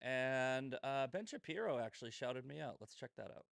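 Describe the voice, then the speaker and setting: A man's voice: mid-range voice, expressive, normal speed, vocal fry, dry recording, clean studio sound. A man hosting a casual commentary show, swearing freely, sarcastic, often breaking into laughter. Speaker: host.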